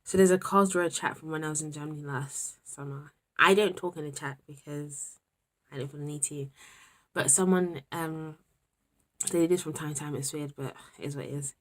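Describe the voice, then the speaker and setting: A woman's voice: sits low, steady tone, normal speed. A young British woman in her twenties, a university student talking candidly and rambling to the camera in a vlog, exasperated and talking to herself at times. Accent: British English. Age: 20s.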